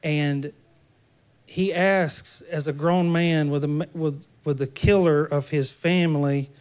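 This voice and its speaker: A man's voice: a little high, darkish tone. A man preaching a sermon in a church, talking conversationally and joking with the congregation. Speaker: pastor.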